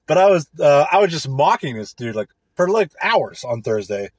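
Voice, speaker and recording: A man in a casual, profane rant, crude, rambling and sarcastic, with a husky voice. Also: fairly high pitch, very animated, moderate pace, hardly any pauses, dry recording.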